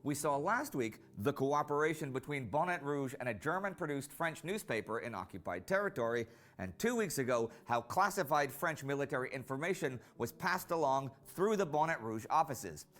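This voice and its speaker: A man giving scripted narration for a history documentary series, measured and storytelling, rising for quoted lines. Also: medium pitch, expressive, a bit bright. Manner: measured storytelling delivery, rises for quoted speech.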